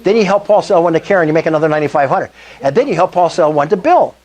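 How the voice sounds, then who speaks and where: A man's voice: fairly high pitch, animated, racing, darkish tone. An older man giving an enthusiastic sales presentation at a meetup, often asking the audience questions. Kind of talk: sales presentation to a live group.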